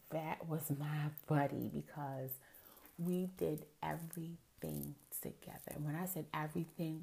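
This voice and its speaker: A woman's voice: sits low, vocal fry, darkish tone. A middle-aged woman hosting a podcast alone, telling personal stories in a chatty way, with many asides to her listeners. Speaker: podcast host. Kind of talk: casual solo podcast monologue.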